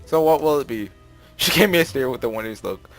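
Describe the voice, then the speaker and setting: Reading through a visual novel and reacting to it, a young let's play narrator rambles, fills space with filler words, and laughs a lot. His mid-range voice is animated and quick, with soft background music underneath.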